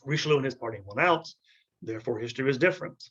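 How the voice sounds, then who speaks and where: A man giving an unscripted history lecture, halting and full of fillers and restarts, often clearing his throat. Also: medium pitch, expressive, a bit bright, lo-fi sound.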